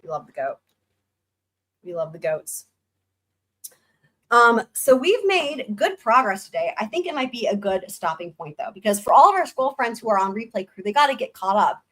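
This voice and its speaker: A woman's voice: fairly high pitch, sing-song, a little fast, hardly any pauses, pushed and bright. A woman in her thirties hosting a live stream, reading a book aloud with chatty, sarcastic asides. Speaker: livestream host and reader.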